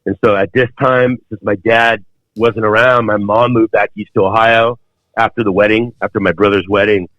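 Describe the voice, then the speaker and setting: A man in his fifties with a lowish voice tells a long story as a podcast guest, rambling through fillers and restarts. The audio is dull and very dry. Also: steady tone, moderate pace, no room sound. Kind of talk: storytelling in conversation.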